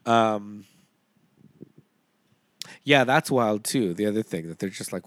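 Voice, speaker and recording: A man's voice: fairly low pitch, animated, slow, long pauses, no echo. A man co-hosting a casual movie podcast, rambling with lots of fillers and frequent laughs. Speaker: podcast co-host.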